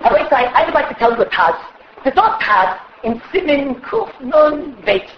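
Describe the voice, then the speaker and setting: A high-pitched woman teaching a religious class with fervent energy, her voice climbing to shouts as she acts out quoted exchanges. The sound is echoey and a bit muffled. Faint room ambience sits underneath. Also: sing-song, normal speed, background noise. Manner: impassioned, often raising her voice to a shout. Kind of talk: Torah class lecture.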